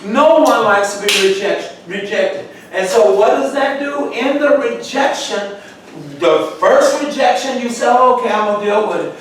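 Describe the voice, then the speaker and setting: A man's voice: extremely high pitch, lively intonation, unhurried. A man leading a church Bible study who quizzes the group and answers them with emphatic calls. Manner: asks questions for the group to answer, sudden emphatic outbursts. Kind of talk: call-and-response Bible study teaching. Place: church room. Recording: echoey church room from far off, faint noise.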